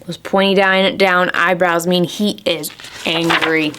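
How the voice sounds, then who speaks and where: A woman's voice: mid-range voice, takes it slowly, fairly bright tone, slight background noise. A young woman who is a children's librarian, reading a picture book aloud at a preschool storytime and asking the children encouraging questions.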